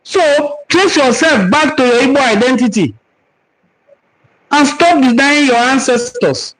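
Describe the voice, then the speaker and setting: The speaker is a man with a very high, slightly bright voice, heard through poor audio. With a Nigerian accent, he hosts a cultural forum on a live stream, teaching and answering viewer comments earnestly, almost preaching, and repeats words to drive points home.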